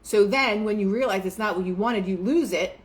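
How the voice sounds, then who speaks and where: Brief: young woman, casual host, chatty with many fillers, mid-pitched voice, motivational talk. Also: normal speed. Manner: chatty, filler-heavy, quotes herself and others in lively asides. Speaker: manifestation show host.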